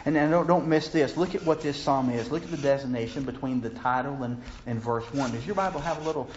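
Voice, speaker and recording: A man's voice: medium pitch, quick pace, slight background noise. A male preacher delivering a sermon earnestly, often rising to impassioned pleading as he reads scripture aloud. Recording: slightly dull, lo-fi with faint ambience.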